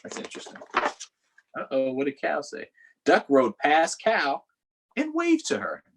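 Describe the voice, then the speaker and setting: A man's voice: a little high, huge pitch swings, a little slow, noisy background. A man reading a picture book to children online, chatting to his young listeners between pages. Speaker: local politician reading to kids. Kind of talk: picture book read-aloud. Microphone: streamed online reading.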